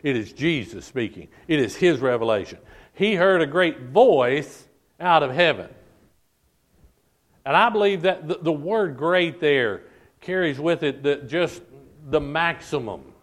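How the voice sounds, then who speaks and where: A man with a fairly high voice preaches with fervent emphasis, repeating phrases and drawing out the words he stresses. He leans on the congregation, calling them folk and pressing each point home. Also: lively intonation, measured pace. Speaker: pastor. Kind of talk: sermon. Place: church service.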